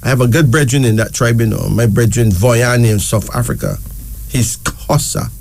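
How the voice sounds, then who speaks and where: A man hosting a casual talk show, slowly spelling out each name letter by letter and repeating words for emphasis. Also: medium pitch, gravelly, a little mellow. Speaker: show host. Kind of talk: casual talk presenting names.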